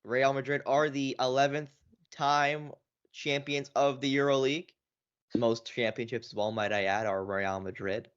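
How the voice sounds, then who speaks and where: A man's voice: mid-range voice, steady tone, moderate pace, clean tone. A man co-hosting a sports podcast in casual chat, rambling and circling back with lots of filler phrases. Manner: rambling, lots of "you know" and restarts. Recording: dull lo-fi podcast audio.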